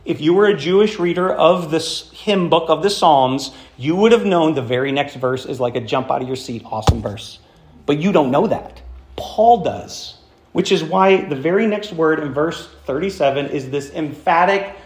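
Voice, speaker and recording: A man preaching a sermon to a congregation in a church hall, animated and emphatic, often asking the room questions. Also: a little high, moderate pace. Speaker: pastor.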